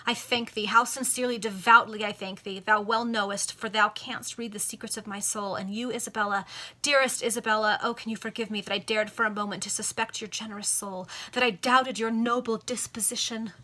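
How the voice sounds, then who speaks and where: A woman voicing an earnest, passionate young gentleman while reading a Victorian novel aloud, in melodramatic declamation. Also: a little high, steady tone, a little fast. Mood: fervent.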